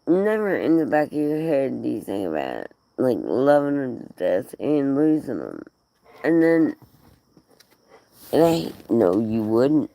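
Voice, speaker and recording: A woman's voice: extremely low pitch, sing-song, measured pace, creaky, mellow. A woman talking casually to the camera and her dog, profane and giggly, slipping into playful baby-talk. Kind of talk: casual rambling vlog to camera.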